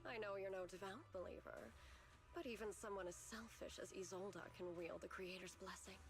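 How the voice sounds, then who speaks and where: A woman's voice: mid-range voice, moderate pace, over music, natural voice. A woman voicing a fervent female zealot in a game, scornful and preaching. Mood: smug.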